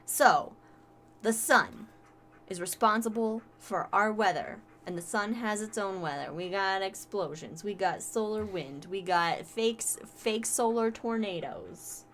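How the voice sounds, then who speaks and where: A woman's voice: mid-range voice, unhurried, a bit bright, slight background noise. A woman from Northern California hosting a casual space podcast, joking and steering the talk. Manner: playful, jokes and does silly voices. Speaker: host.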